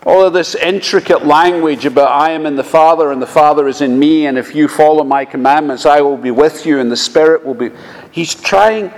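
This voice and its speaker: A man preaching a sermon, speaking slowly and measuredly, often quoting scripture. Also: on the high side. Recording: long reverb of a large hall.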